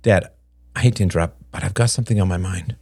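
A man voicing an anxious young adult son who stammers and talks in halting bursts. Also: low voice, darkish tone, husky, no echo, studio quality. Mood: nervous.

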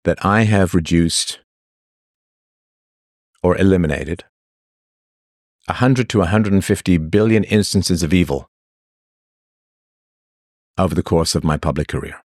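A man's voice: low voice, measured pace, long pauses, dry recording, clean studio sound. A man hosting a livestream, delivering an opinionated monologue to his chat in a sarcastic, mocking way. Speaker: livestream host.

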